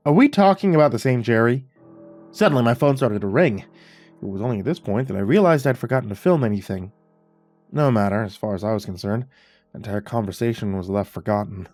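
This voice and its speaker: A man narrating a horror story in a wry, even storytelling manner. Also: lowish voice, quick pace, no echo, soft background music.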